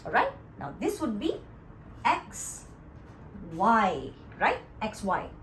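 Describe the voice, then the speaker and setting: A woman teacher explains a lesson in a slow, deliberate way, leaning hard on key words and often stopping to check that her students follow. Her fairly high voice swoops up and down with lots of movement. Faint ambient noise sits underneath. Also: huge pitch swings, low-quality recording. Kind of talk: classroom lesson.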